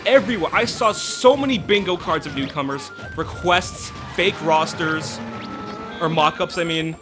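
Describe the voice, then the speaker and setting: A young man hosting a gaming let's play, ranting with exasperation and tossing in "right?" again and again. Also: high voice. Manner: animated, exasperated ranting with many "right?" asides. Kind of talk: ranting gameplay commentary. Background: game music.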